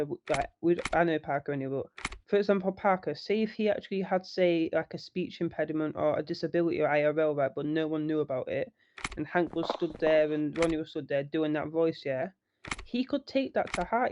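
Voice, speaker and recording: A man's voice: fairly high pitch, fairly quick, a little mellow, slight background noise. A young man telling a heated, sweary story in casual chat. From northern England. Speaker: online roleplay gamer. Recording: muffled faulty mic.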